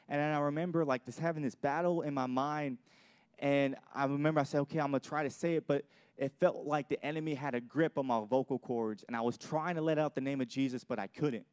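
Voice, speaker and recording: A man's voice: mid-range voice, steady tone, quick pace, a little mellow, clean tone, dry recording. A young adult man pastor giving an earnest sermon with personal testimony, often repeating and restarting his phrases. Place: church.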